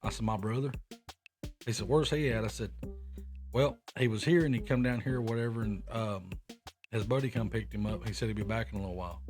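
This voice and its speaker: A young man with a drawl tells a long, profane story to his podcast co-host, slipping into loud quoted voices. His voice sits a bit low, and music plays clearly behind him throughout. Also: a little fast. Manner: profane, rambling anecdotes with animated quoted voices. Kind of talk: casual storytelling chat. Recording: music playing in the background.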